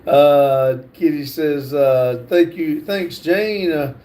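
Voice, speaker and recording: A man hosting a livestream, reading chat comments aloud in a halting way with fillers and restarts. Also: fairly high pitch, dark tone. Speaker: livestream host.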